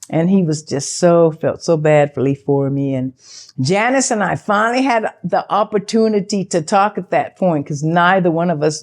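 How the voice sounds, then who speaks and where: An older woman, an actress being interviewed, tells her story in a loose, chatty way. She puts on the voices of the people she quotes, and her pitch jumps up when she does. Her usual speaking voice sits a bit low for a woman. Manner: animated, acts out quoted dialogue with big pitch jumps.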